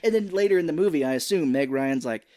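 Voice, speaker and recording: A man co-hosting a relaxed movie podcast, walking through the plot scene by scene. He keeps slipping into quick impressions of the characters as he goes, in an easy, chatty delivery. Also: on the high side. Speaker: podcast co-host. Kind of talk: casual movie recap podcast.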